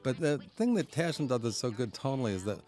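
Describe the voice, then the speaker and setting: A man's voice: mid-range voice, sing-song, quick pace, a little mellow. A man giving a chatty DVD audio commentary as a film historian, chuckling often as he explains. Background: faint cartoon soundtrack.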